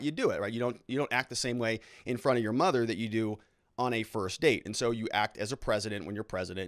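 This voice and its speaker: A man hosting a legal commentary show, chatty and amused, talking straight to his viewers. His pitch sits in the middle, and the recording is close and dry, with no room sound at all. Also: dry recording. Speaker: lawyer and show host.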